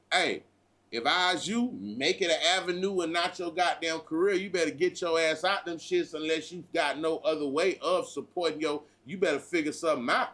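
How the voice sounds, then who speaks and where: This American man hosts a livestream, his voice fairly high and fairly bright. He delivers a profane, preachy monologue in street talk, calling his listeners "bruh" again and again.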